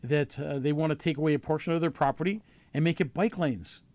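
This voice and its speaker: A man's voice: fairly high pitch, fairly quick, a little mellow, no room sound. A man hosting a talk show, asking earnest questions with many fillers and restarts. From Canada. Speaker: show host. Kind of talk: casual talk show discussion.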